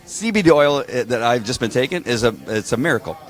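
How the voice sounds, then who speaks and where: A man's voice: mid-range voice, animated, fast, soft background music. A man hosting a casual live stream from a restaurant bar, chatting with viewers and rambling as he reads their comments. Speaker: livestream host.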